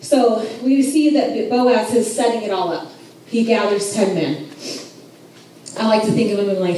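Heard from far off in an echoey room with slight background noise, a woman teaches the Bible in a relaxed, joking way and laughs at herself. Her voice is medium in pitch, mellow, and a little slow.

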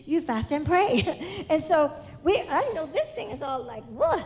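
A woman giving an exuberant missionary testimony in church, shouting praise and laughing often. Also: high-pitched, expressive, normal speed, slight background noise.

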